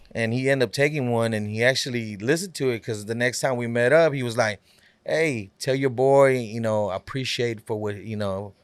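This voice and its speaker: On a podcast, a medium-pitched man with no echo on his voice tells a lengthy story casually. His laid-back storytelling rambles, packed with filler words and quoted conversations.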